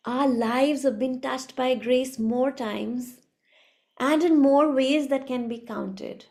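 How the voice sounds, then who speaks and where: A woman giving a reflective spiritual talk as a teacher, soft-spoken and unhurried. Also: high voice.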